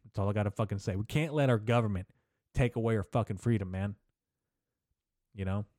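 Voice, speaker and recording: Profane, rambling man with a dark voice. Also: lowish voice, brisk, no room sound, clean studio sound. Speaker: podcast host. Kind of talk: casual comedic rant.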